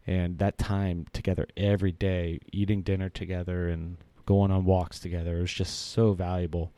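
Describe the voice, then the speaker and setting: A man's voice: low-pitched, little pitch movement, moderate pace, mellow, dry recording. A man in his thirties telling a personal story in a casual, earnest way, rambling with many fillers and restarts.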